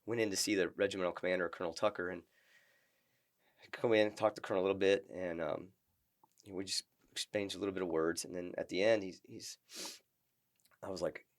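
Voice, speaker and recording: A middle-aged man, a retired Marine, telling stories as a podcast guest in a halting, earnest way with many restarts. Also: low voice, fairly even intonation. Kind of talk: casual interview storytelling.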